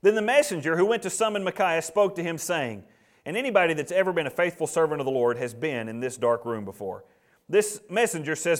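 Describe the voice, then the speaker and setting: A man preaching a sermon, acting out the characters' lines with swings between loud and hushed. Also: on the high side, expressive, fairly quick. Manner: dramatic, acts out the characters' lines. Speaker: pastor.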